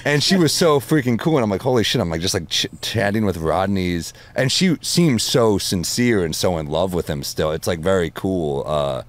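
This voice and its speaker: A man telling animated stories in casual podcast chat, swearing freely. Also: low-pitched, moderate pace, hardly any pauses. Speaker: comedian guest.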